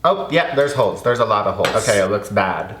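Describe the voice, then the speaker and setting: A man's voice: on the low side, expressive, quick pace, fairly bright tone, reverberant, a little hiss or hum. A man chatting casually through a home cooking vlog, laughing often and calling his viewers y'all. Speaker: cooking vlogger. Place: home kitchen.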